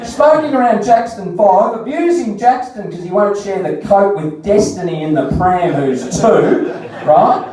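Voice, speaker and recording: A man's voice: sits high, lively intonation, measured pace, few pauses, a crowd in the background. A man with an Australian accent doing a crude stand-up comedy set, telling stories with mocking voices. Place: comedy bar stage. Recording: very echoey bar, distant mic.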